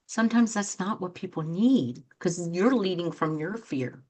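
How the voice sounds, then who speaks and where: A woman's voice: on the low side, expressive, moderate pace, hardly any pauses. A middle-aged woman hosting a talk show as a coach, speaking earnestly and acting out quoted reactions in her examples. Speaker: host and coach. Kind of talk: motivational talk show monologue.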